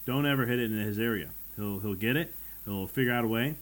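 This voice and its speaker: A man's voice: on the low side, fast. A middle-aged man hosting a podcast, speaking earnestly in a motivational monologue and repeating phrases for emphasis. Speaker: podcast host.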